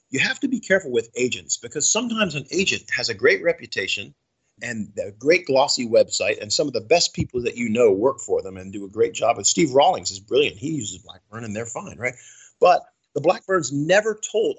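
A man, a comedy juggler and cruise ship entertainer, telling stories in a chatty, animated way during a casual interview. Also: mid-range voice, husky, low-quality recording. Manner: chatty, animated anecdotal storytelling.

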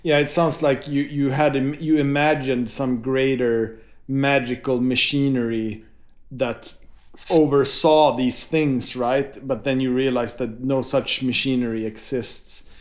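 A man's voice: mid-range voice, fairly even intonation, unhurried. Thoughtful man interviewing a juggler. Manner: thoughtful, searches for words. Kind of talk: casual conversation.

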